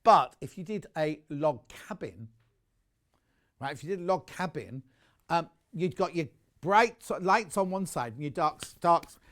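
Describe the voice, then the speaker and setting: A man's voice: a little high, expressive, unhurried, a bit bright. A man presenting on a live shopping channel, chatty and enthusiastic, rambling into personal asides between prices.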